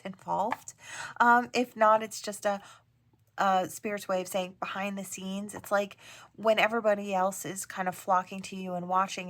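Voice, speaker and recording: Woman, tarot reader, soft rambling delivery, lots of fillers, mid-pitched voice. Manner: gentle, rambling, frequent "right?" and "I wanna say". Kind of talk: channeled tarot reading to viewers.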